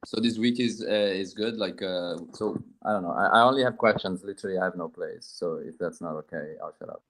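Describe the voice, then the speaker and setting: A man's voice: low-pitched, a little fast, a bit bright. A man in a casual voice chat, asking hesitant questions about trades, with lots of ums and self-deprecating asides.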